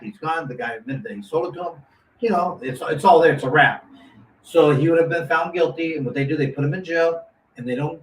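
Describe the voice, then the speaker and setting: A man telling a long story in casual talk, acting out the voices of the people in it with lots of restarts. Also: on the high side. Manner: animated, acts out quotes with lots of restarts. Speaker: guest storyteller. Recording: roomy echo, mic at a distance, faint noise.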